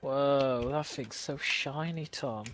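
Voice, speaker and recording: A man's voice: mid-range voice, slow pace, fairly bright tone, soft background music. A man chatting casually while playing a game with friends, giggling and teasing them in playful mock threats. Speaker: gamer. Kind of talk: casual chat while gaming.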